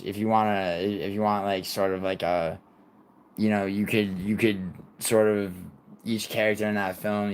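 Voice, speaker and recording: A young man in his twenties talks off the cuff on a livestream, swearing freely and trailing off into restarts. His voice sits fairly low, and he answers chat messages as they come in. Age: 20s. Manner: rambling, profane, reads and answers chat. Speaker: livestream host.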